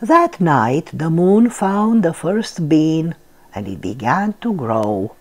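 An older woman reads a picture book aloud to little ones, slow and gentle. Her voice is on the low side and swings widely up and down to bring the story alive. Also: very animated. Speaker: storyteller, channel host. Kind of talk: children's read-aloud storytelling.

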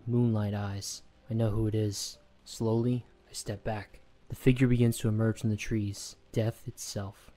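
A man narrating a first-person horror story in a steady, measured way. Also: on the low side.

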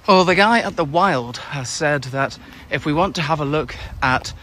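Strolling a beach and vineyard paths, this male travel vlogger gives walking-tour commentary, chatting and pointing out sights while outdoor noise carries in the background. He speaks at a moderate pace in a fairly high, sharp voice with lively intonation.

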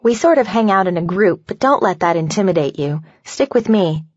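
A woman narrator voicing a friendly, bold young woman in a brisk, playful way. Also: on the low side, expressive, a little mellow, husky, no echo, lo-fi sound.

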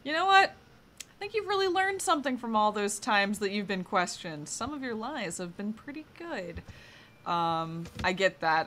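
A woman's voice: mid-range voice, sing-song, moderate pace, a bit bright. A young woman streaming a game with friends, playfully acting out dialogue choices amid frequent laughter. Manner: giggly, playful, theatrical. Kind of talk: casual chat, reading dialogue choices aloud.

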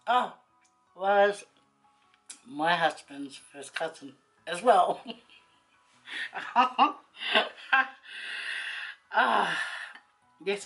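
A woman, a vlogger telling a rambling personal story to camera, chatty and quick to laugh. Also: mid-range voice, fairly bright tone, low-quality recording.

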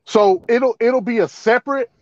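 A man's voice: extremely high pitch, normal speed, no echo, highs cut off. A male panelist asking a guest to restate his point, hesitating with many fillers.

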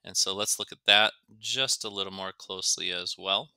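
Guy teaching english grammar, low slow voice, crisp and dry, no room sound. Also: fairly even intonation, pushed and bright, no echo. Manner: slow, careful, demonstrates words by stretching them out. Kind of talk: explaining grammar and pronunciation.

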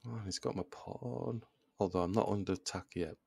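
A deep, gravelly man talks through a chess game as he plays, muttering each move to himself. His self-deprecating asides come through a close, dry microphone with no room sound. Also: moderate pace, a little mellow, no echo. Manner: thinks aloud, muttering move by move; self-deprecating, groans at his own blunders. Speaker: chess video creator. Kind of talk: casual live chess commentary.

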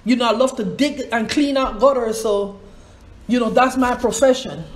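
A woman giving an informal Bible teaching, wandering into asides, spelling out names and asking rhetorical questions. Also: sits high.

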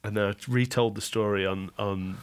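A rugby player guest with a sweary, self-mocking way of telling stories in casual podcast chat. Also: male voice, on the low side, fairly even intonation, moderate pace, a little hiss or hum.

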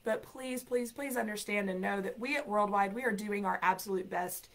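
Woman host, upbeat, chatty, emphatic, mid-pitched voice, exam coaching talk. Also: moderate pace. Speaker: ESL program coordinator and show host. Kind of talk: live-streamed exam tips talk.

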